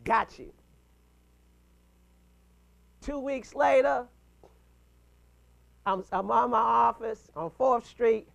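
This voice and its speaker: A man in his fifties giving an animated, punchy motivational talk to a mastermind group, chuckling between points. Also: very high voice, very slow, gravelly, long pauses. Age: 50s.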